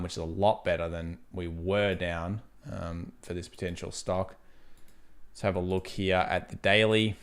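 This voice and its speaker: Laid-back Australian man, slightly low voice. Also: fairly bright tone, smooth. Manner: chatty, laid-back, laughs easily while reading chat. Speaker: trading livestream host. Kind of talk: casual live market commentary.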